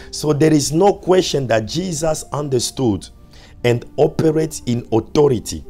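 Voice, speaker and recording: A male pastor preaching a sermon, repeating his points with emphasis and dropping to soft, low asides. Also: expressive, unhurried, soft background music.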